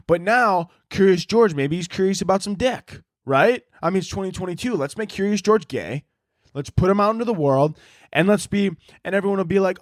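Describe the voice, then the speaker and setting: Male podcast host, high-pitched voice, dry close sound, rambling profane comic rants. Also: animated, moderate pace, no room sound. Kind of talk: comedic rant monologue.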